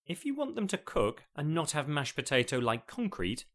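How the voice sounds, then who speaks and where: A man's voice: fairly high pitch, sing-song, normal speed, voice pushed up. A man playing an exasperated, long-suffering wife. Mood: weary. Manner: weary and exasperated.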